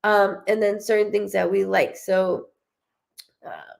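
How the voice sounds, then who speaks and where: A woman's voice: mid-range voice, slow pace, creaky. A young woman giving a live reading as a medium, chatting casually and laughing often as she passes on what she hears. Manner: chatty, animated, laughs often, quotes the spirit in a lively voice.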